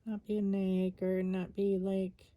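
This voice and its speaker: A woman's voice: mid-range voice, monotone, unhurried, warm tone. An exhausted woman chatting casually while she crafts, rambling with lots of fillers. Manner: rambling, tired, many fillers. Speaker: scrapbooking vlogger.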